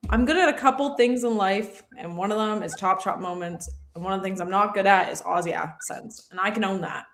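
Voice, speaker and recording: A woman's voice: mid-range voice, fairly quick, a bit bright, reverberant. An upbeat woman with a Canadian accent, hosting a casual podcast chat. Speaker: podcast host.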